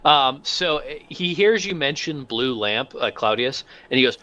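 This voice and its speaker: A man narrating as game master, talking in a halting way with many fillers. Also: mid-range voice, lively intonation, sharp tone.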